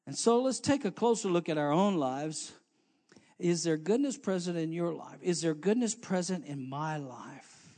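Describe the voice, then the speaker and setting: A preacher with a high-pitched man's voice delivers his sermon. He drops into soft, low asides, then climbs into loud calls to the congregation, restarting phrases and filling gaps with "uh" as he goes. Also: lively intonation, moderate pace. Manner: swings from quiet low asides to loud rising exhortation. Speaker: pastor.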